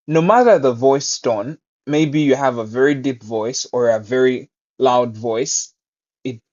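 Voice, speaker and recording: A man walks learners through a Mandarin lesson, patient and encouraging, with unhurried, deliberate phrasing. His voice sits at an ordinary middle pitch. The recording sounds a little dull and lo-fi. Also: a little mellow. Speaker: Mandarin teacher. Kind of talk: online language lesson.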